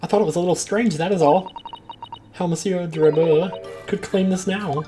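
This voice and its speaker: A man's voice: steady tone, normal speed, over music, lightly acted. A man voicing a flustered, theatrical woman with a French flavour in her speech. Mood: affected. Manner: high put-on voice with French exclamations.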